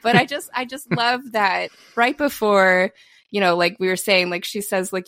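A woman co-hosting a casual film podcast, with a mid-range voice. She talks in an animated way, breaking into laughter and acting out lines. The sound is dry and close to the mic. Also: medium pitch, moderate pace, dry recording. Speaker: podcast co-host.

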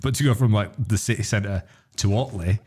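A man's voice: lowish voice, mellow, slightly rough. A young man with a Yorkshire accent co-hosting a podcast, telling a story in casual chat, swearing and laughing as he goes. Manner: rapid, swearing, laughs while telling stories. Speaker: podcast co-host.

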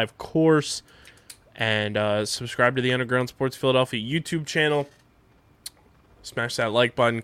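A young male podcast host who cuts in with dry quips and then briskly runs through the show's sign-off. His voice is smooth and clear, and the recording is dry and close. His pitch is in an ordinary middle range. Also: a bit bright, no room sound. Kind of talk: casual chat and show outro.

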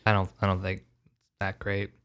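A man's voice: deep voice, completely flat delivery, moderate pace, fairly bright tone. A young man co-hosting a casual podcast, laid-back and laughing between bits. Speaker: podcast co-host. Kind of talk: casual chat.

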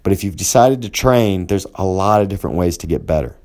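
A man's voice: low-pitched, animated, fast, darkish tone. A man who coaches jiu-jitsu, talking through training advice in a casual, rambling way and acting out quoted exchanges. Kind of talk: casual instructional talk.

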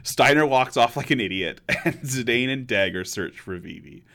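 A man's voice: mid-range voice, animated, moderate pace, bright, forceful tone. A man co-hosting a podcast in casual chat, explaining and recapping in a wry way. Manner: wry, explanatory, with many "like" fillers. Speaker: podcast co-host.

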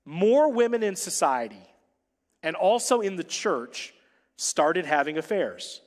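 A pastor in his forties preaching a sermon, with punchy lines, joking asides and sudden soft drops. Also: high-pitched, sing-song, slow pace. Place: church sanctuary. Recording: long hall reverb.

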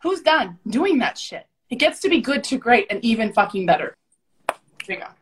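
Podcast guest, woman, high voice, profane storyteller who acts out every quote. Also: very animated, moderate pace, low-quality recording. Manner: swears constantly, acts out quotes in shifting voices.

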